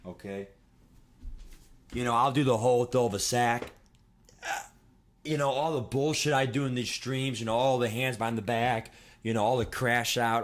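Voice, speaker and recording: A man in his twenties chatting casually on a livestream, rambling and excitable, swearing and laughing as he talks. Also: medium pitch, normal speed, pauses often. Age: 20s. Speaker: streamer.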